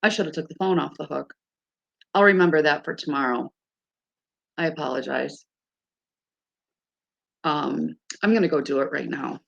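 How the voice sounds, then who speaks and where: Chatty gravelly woman in her fifties. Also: low-pitched, normal speed, pauses often, muffled recording. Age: 50s. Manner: chatty, exasperated storytelling. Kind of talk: casual chat to a live audience.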